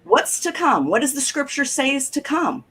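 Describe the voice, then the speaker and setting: A middle-aged woman talks on a casual talk show. She tells chatty, animated stories with a laugh in her voice. Her pitch sits a little high and moves up and down a lot. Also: moderate pace, low-quality recording. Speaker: co-host.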